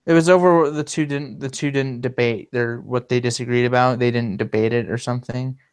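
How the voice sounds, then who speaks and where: Rambling man with a smooth voice. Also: medium pitch, fairly even intonation, brisk. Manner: rambling, many fillers and restarts. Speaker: livestream host. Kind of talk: casual livestream chat.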